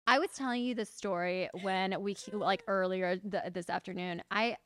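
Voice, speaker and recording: A woman in her thirties hosting a casual interview, chatty and quick to laugh, often restarting her sentences. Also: mid-range voice, steady tone, crowd noise. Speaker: podcast host, interviewer.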